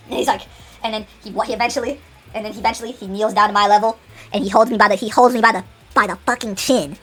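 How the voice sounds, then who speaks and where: A woman's voice: medium pitch, fairly even intonation, fast, a bit bright. Brief: casual female storyteller, rambling and dramatic, faint music bed. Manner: rambling, with many restarts and dramatic asides.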